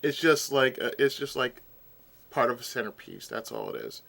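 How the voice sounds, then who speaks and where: A man's voice: medium pitch, huge pitch swings, moderate pace, gravelly, a bit bright. A man vlogging in a casual, exasperated rant, sometimes eating as he talks. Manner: exasperated, ranting, eats while talking. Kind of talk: casual ranting commentary.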